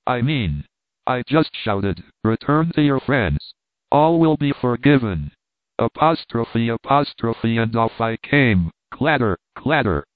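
A man reading the part of a brash gentleman who shrugs off a fall, in offhand clipped phrases. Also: medium pitch, no echo, natural voice. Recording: tinny phone-like dry sound.

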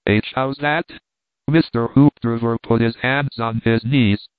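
A man reading a classic novel aloud in a measured, wry storytelling manner. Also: medium pitch, clear, resonant tone, no echo. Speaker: narrator. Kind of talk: audiobook narration of classic fiction. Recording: tinny phone-like dry sound.

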